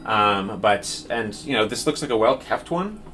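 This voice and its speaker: A man's voice: on the low side, lively intonation, normal speed, pushed and bright, faint music behind. A man narrating a tabletop game as dungeon master, describing scenes in a rambling way with many fillers.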